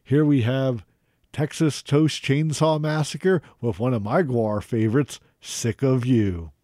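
A man co-hosting a podcast in casual chat, relaxed and quick to agree. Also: mid-range voice. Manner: relaxed, frequent short agreements. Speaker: podcast co-host.

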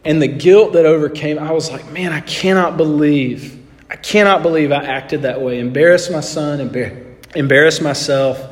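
Middle-aged guy preaching, tells a story animated then goes quiet, slightly high voice, echoey church. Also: normal speed. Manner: animated anecdote, acting out dialogue, drops to soft tones. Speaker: pastor. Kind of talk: sermon storytelling. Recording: long hall reverb.

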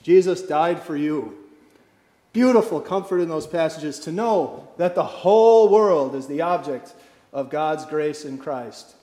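A pastor delivering a sermon, slow and emphatic, dropping to soft, quiet phrases for effect. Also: male voice, fairly high pitch, expressive, echoey room, big-room sound. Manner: slow emphatic preaching with dramatic drops in volume.

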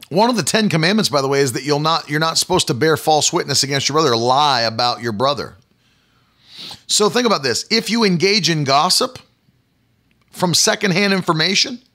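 A man's voice: on the high side, pushed and bright. A man preaching a livestreamed sermon, emphatic and repetitive, stopping to talk to his online viewers. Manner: emphatic, repeats phrases, talks to online viewers.

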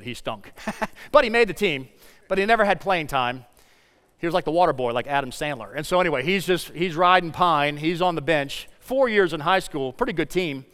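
A man preaching a sermon, telling a story in an animated way and acting out the dialogue. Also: a little high, clear, resonant tone, in a large hall. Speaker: pastor.

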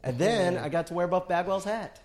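A man's voice: high-pitched, lively intonation, a little fast, darkish tone, a little hiss or hum. A man in his late twenties, co-hosting a podcast, telling a story in casual chat with dry asides and plenty of swearing. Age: late 20s. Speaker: podcast co-host.

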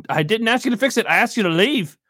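A man's voice: sits high, animated, a little fast, fairly bright tone, no room sound, studio quality, voice pushed up. A man voicing an exasperated female temple shopkeeper in a patchy put-on Irish accent, in a tabletop game. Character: irritated woman shopkeeper of a temple.

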